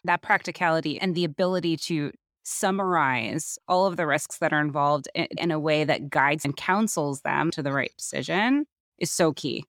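A woman's voice: sits low, normal speed, fairly bright tone, no echo. Affirming woman host, dry sound. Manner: affirming, asks short questions. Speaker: podcast host. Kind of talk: conversational interview.

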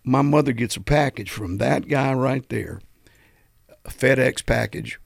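A man, a veteran musician telling animated stories and preaching about the music business in a podcast interview. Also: mid-range voice, measured pace, creaky, no room sound, clean studio sound. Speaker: guest musician.

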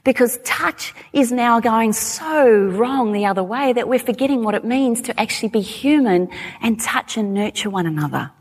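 An Australian woman in her forties giving an animated talk to a live audience, chatty with laughing asides. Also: fairly high pitch, moderate pace, breathy edge. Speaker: speaker. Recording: long hall reverb.

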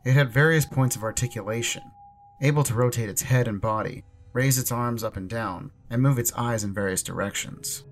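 A man narrating a horror story in a measured, ominous way. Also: mid-range voice, soft background music.

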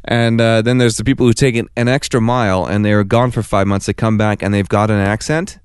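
A young man with a Canadian accent rambles through casual podcast banter, swearing freely and correcting himself as he goes. His voice sits a little low and sounds smooth and resonant. The recording is close and dry. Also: steady tone, brisk, dry recording. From South Africa. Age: 20s. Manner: rambling, profane, self-correcting. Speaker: podcast co-host. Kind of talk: casual chat.

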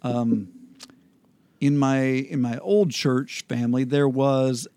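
A man hosting a casual Bible study chat, explaining scripture in a relaxed way with frequent ums and restarts. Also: mid-range voice, slow pace, clean tone, dry recording.

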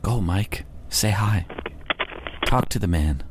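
Teasing man with lively pitch. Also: slow pace, background noise. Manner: teasing, pushy. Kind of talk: casual chat egging on prank calls.

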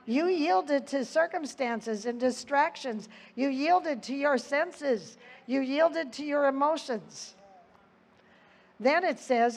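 A woman's voice: sits high, lively intonation, slow pace. A woman giving an earnest Bible teaching, reading scripture aloud with her own asides. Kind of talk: sermon.

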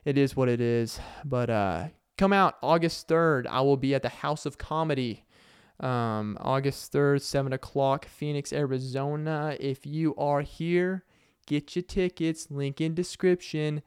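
A man's voice: mid-range voice, unhurried, clear, resonant tone, dry recording, studio quality. A young man with a Southern accent hosting a solo podcast, earnest and rambling, with many ums and uhs. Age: young adult. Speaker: podcast host and stand-up comedian. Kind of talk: casual solo podcast talk. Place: corner of a warm room.

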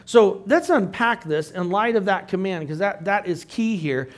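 A middle-aged man preaching a sermon with a fairly high voice. He keeps his tone conversational and drops joking asides between the Bible verses he reads. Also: lively intonation, moderate pace. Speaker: pastor.

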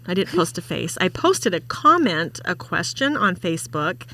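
A woman with a fairly low but bright, forceful voice chats casually as a podcast co-host. The sound is dry and close, with no room echo. She laughs easily while reading out comments. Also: big pitch swings, normal speed. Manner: chatty, reads out comments with laughs. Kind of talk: casual chat.

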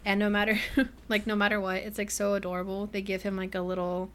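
A young woman co-hosting a podcast, recapping a novel in casual chat and acting out the characters' lines with quick laughs. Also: mid-range voice, flat delivery, a bit bright. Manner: chatty recap with acted-out quotes and frequent laughs. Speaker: podcast co-host. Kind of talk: casual book-club chat.

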